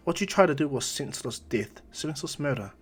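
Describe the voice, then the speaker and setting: A man voicing a calm, aloof young male ninja turned god, speaking in a lofty, lecturing way. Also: on the high side, a little fast, husky.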